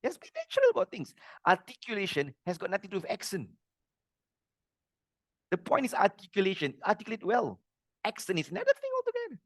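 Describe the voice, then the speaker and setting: A middle-aged man teaching a religious lesson, earnest and plain-spoken, with animated delivery. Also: sits high, quick pace, long pauses, no room sound, studio quality.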